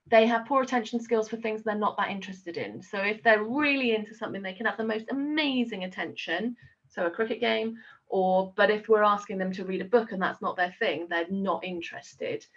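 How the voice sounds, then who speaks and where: A woman's voice: medium pitch, fairly quick. Chatty woman teacher, dull lo-fi sound. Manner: chatty and explanatory, many fillers. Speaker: teacher and autism trainer. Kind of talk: training talk.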